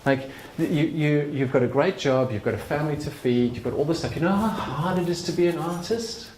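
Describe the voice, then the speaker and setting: A man's voice: on the high side, a little fast, darkish tone, echoey room, slight background noise, voice pushed up, lightly acted, rough recording. A man voicing a dismissive friend who scolds in an incredulous tone. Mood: scoffing. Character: dismissive friend scoffing at art dreams.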